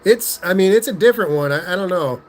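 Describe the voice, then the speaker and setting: A man's voice: high voice, lively intonation, quick pace, slight background noise. A man with a Southern Californian accent hosting a casual livestream, reading out viewer comments in a laid-back way, talking into a phone he holds in his hand. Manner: laid-back, says "like", "rad" and "dude" a lot. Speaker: host reading live chat. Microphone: phone held in hand.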